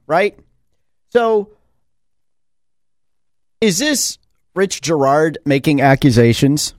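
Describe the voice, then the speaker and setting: Man, school board member, sarcastic commentary, rhetorical questions, very animated pitch, dry close sound. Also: dry recording. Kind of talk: opinion commentary monologue.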